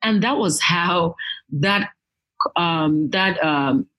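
A woman's voice: on the low side, drawn-out words, poor audio. A woman, a guest telling her story earnestly and in detail. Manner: earnest, animated when quoting others. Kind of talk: reflective storytelling.

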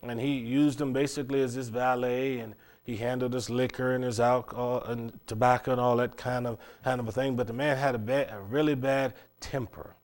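A middle-aged male preacher telling a sermon story, mid-pitched and lively. He stumbles and repeats words as he builds the tale, then drives home the lesson to his congregation. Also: a little fast, few pauses. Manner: animated storytelling with frequent stammered restarts.

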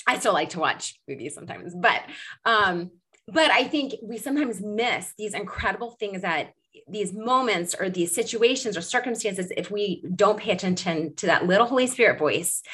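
A woman's voice: medium pitch, lively intonation, moderate pace, a bit bright, slightly rough. A woman hosting a faith podcast, reflective and enthusiastic, laughing easily as she talks. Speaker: podcast host.

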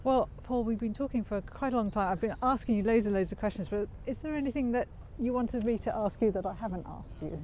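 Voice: medium pitch, quick pace, few pauses, darkish tone, a little hiss or hum. An interview host asking questions in a friendly, encouraging way, often laughing along. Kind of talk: casual conversational interview.

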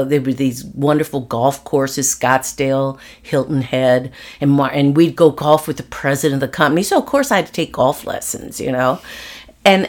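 A middle-aged woman being interviewed, recounting her working life in an earnest, reflective way with frequent restarts. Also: deep voice. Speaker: interview guest. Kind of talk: candid personal storytelling.

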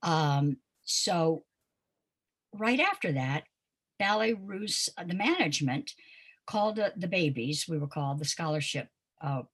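A woman's voice: low-pitched, husky. An older woman from Pensacola, a dance teacher, recalling her past in an interview as a guest and telling stories with frequent ums and uhs. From Pensacola, Florida. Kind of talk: reminiscing conversational interview.

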